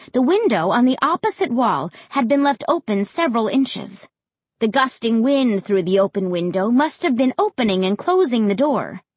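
A woman reading a first-person storybook aloud in an expressive, dramatic way. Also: medium pitch, breathy edge, dry recording. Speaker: audiobook narrator.

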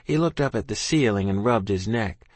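A man's voice: lowish voice, lively intonation, moderate pace, no room sound. A man reading a first-person audiobook in a plain, folksy storytelling manner. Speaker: audiobook narrator.

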